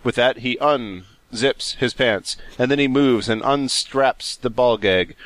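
Sex: male. Role: podcast co-host. Style: comedic read-aloud. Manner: halting, mocks the typos. Pitch: mid. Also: fairly bright tone, dry recording. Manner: reads haltingly, stopping to mock typos. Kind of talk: comedic reading of amateur fiction.

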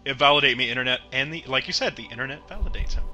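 Comic podcast co-host, male, sharp bright tone, sardonic, rambling. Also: medium pitch, racing. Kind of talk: comedic podcast chat.

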